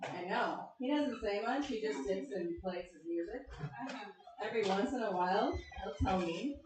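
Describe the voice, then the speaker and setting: Deadpan woman doing stand-up in an echoey club. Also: medium pitch, normal speed. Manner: deadpan, self-deprecating, asks the crowd questions. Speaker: stand-up comedian. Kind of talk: stand-up comedy set. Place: comedy club stage with live audience. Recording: echoey club room from far off, crowd laughter. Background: audience laughing.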